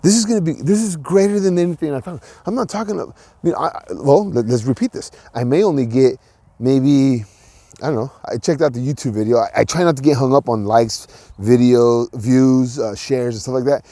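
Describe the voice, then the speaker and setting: A podcast host talks by himself in a warm, medium-pitched voice, moving fairly quickly, with no room sound. He is casual and rambling, often restarting and leaning on fillers, but comes across as earnest and encouraging.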